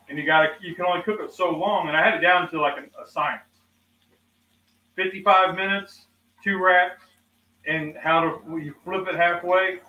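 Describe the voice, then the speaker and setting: Bright-voiced middle-aged man telling cookout stories. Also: a little high, slight background noise. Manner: animated, acts out quoted exchanges. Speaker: host of a cooking channel. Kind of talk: casual storytelling chat. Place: outdoors at a cookout. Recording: echoey, distant mic, faint ambience.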